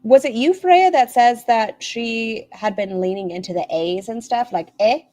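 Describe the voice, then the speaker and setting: A woman's voice: on the high side, a little slow, warm tone. A woman hosting a casual commentary stream, making snarky, sarcastic remarks.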